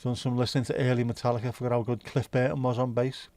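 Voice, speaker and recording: A man's voice: medium pitch, little pitch movement, fast, a little mellow, no room sound. A man hosting a casual livestream, rambling chattily with sweary asides. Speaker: livestream host. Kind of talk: casual solo livestream chat. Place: home.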